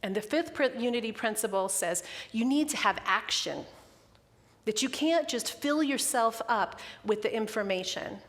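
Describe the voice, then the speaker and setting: A woman's voice: on the high side, animated, normal speed. A middle-aged woman minister giving a candid, personal sermon, emotional and close to tears. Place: church sanctuary. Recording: long hall reverb.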